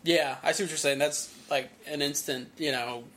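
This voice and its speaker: A man's voice: on the high side, steady tone, normal speed, fairly bright tone, a little hiss or hum. A young man co-hosting a casual conversation, agreeable and often restarting his sentences. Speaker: podcast co-host. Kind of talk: casual chat.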